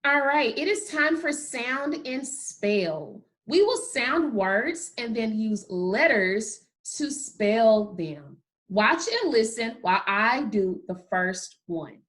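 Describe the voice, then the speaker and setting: Kindergarten teacher, woman, slow encouraging delivery, higher voice that rises and falls a lot. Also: very animated, a bit bright. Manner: slow, drawn-out sounding of letters with frequent praise. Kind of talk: phonics lesson for young children.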